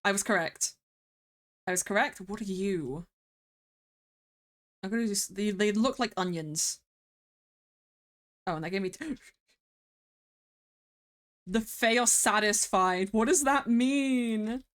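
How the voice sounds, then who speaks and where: A woman's voice: mid-range voice, slow, long pauses. A woman streaming a game, chatting casually, thinking aloud and laughing often.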